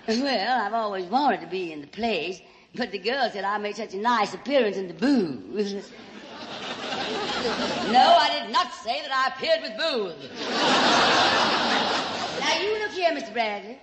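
A woman's voice: on the high side, long reverb tail, noisy background, voice pushed up. A woman with a Southern US accent playing a brash sixteen-year-old Southern belle, drawling and sugary, on an old radio broadcast. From Alabama.

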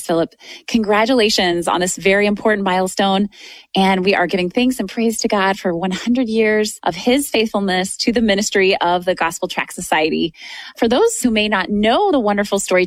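A woman hosting a radio interview show in a measured way. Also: medium pitch, no room sound.

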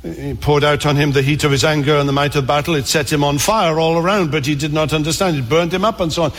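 A man preaching a sermon, earnest, repeating phrases for emphasis and slowing down on key lines. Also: fairly high pitch, steady tone, a bit bright. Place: church. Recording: long reverb of a church hall.

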